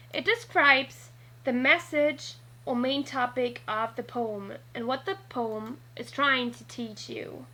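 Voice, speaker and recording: A woman narrating a scripted lesson, talking slowly and deliberately and spelling out letters one by one. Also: high voice, pushed and bright, low-quality recording. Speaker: teacher.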